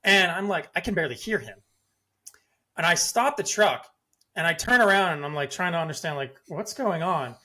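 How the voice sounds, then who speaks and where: Bright-voiced man telling a story. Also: on the high side, normal speed. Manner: excited, lively retelling with many "like"s. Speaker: podcast host. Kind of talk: casual storytelling.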